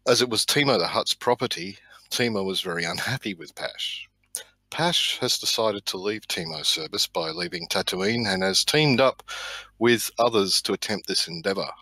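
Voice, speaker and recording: A low-voiced man with a bright, husky edge reads his character's backstory to the table. The sound is dry and close, and he moves steadily through the text with the odd stumble. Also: moderate pace, no room sound, low-quality recording. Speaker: player. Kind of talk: reading a character backstory aloud. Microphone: online voice call.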